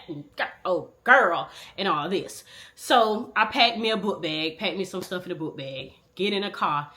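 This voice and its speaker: Young woman, candid storytime vlogger: bright, animated, slangy, loud one moment and muttering the next. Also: on the low side, normal speed.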